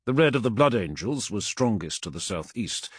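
Husky man narrating an audiobook. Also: fairly low pitch, normal speed, no echo, clean studio sound. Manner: dramatic, expressive reading.

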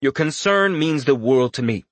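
A man's voice: medium pitch, expressive, normal speed, no room sound, lightly acted. A man voicing a scheming young male lord who talks with oily, mock-sympathetic condescension. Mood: mock-soothing.

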